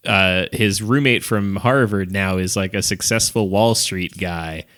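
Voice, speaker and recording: A man chatting casually about a film, animated and often bursting into high laughter. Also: a little slow. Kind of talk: casual chat recapping a film.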